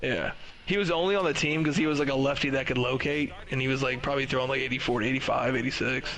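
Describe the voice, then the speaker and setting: A man's voice: medium pitch, fairly even intonation, fast, a bit bright, rough recording. A young man telling a rambling, swear-heavy story in a casual podcast chat, acting out what people said. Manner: laid-back, swears a lot, acts out quotes. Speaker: podcast host.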